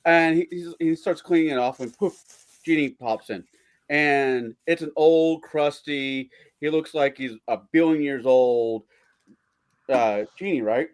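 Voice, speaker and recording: A man's voice: a little high, moderate pace. A man streaming, chatting casually and telling crude jokes, swearing freely and acting out the voices in them. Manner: rambling, swears freely, acts out joke voices.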